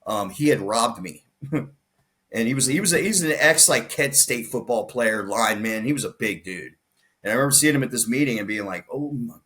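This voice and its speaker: A podcast guest with a mid-range voice tells his story at a fairly quick pace in casual conversation. It's an animated retelling where he acts out the quoted lines of the people involved and restarts frequently.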